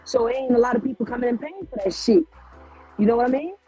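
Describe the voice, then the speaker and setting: A woman's voice: a little high, animated, fast talker, mellow, lo-fi sound, faint music behind. A woman co-hosting a casual talk show, blunt and profane, asking the same questions over and over. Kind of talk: casual chat.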